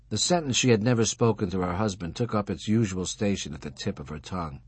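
A man narrating an audiobook in a measured, expressive storytelling way. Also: lowish voice, husky, dry recording. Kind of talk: scripted narration.

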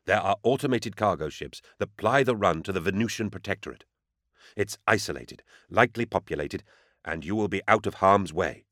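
A man voicing a grim, dutiful male warrior captain who speaks in a firm, deliberate, commanding way. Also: deep voice, expressive, a bit bright, dry recording, clean studio sound. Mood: resolute.

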